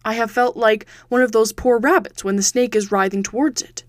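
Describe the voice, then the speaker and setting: A woman's voice: on the high side, fairly even intonation, fairly quick, dry recording, clean studio sound, lightly acted. A woman voicing a troubled young man who tells his tale earnestly and anxiously.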